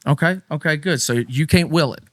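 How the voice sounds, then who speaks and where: A middle-aged man co-hosting a faith podcast in casual talk, swinging between loud, high emphatic bursts and low, quiet asides. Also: brisk, no echo, clean studio sound. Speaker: podcast co-host.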